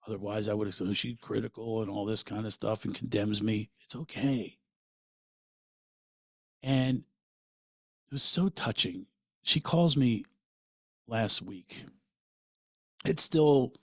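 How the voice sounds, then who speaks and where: A middle-aged man hosting a podcast, telling a personal story in an animated way and acting out what others said. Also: medium pitch, normal speed, long pauses, no room sound, studio quality. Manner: animated, quotes people in lively voices. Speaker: podcast host.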